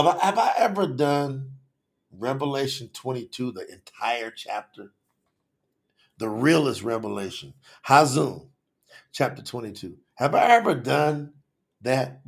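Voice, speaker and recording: Addressing his viewers directly in casual slang, a man passionately hosts a live online telethon. His voice is mid-range and gravelly.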